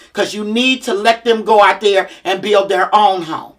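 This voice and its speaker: A woman's voice: medium pitch, animated, normal speed. A woman, a mother of grown children, giving a blunt, plain-spoken motivational talk to single parents.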